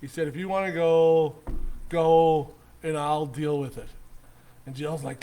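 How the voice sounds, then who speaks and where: A middle-aged man from Canada, hosting his own show and telling a rambling, animated anecdote full of restarts and chuckles. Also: fairly high pitch, unhurried. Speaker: host. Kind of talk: casual storytelling.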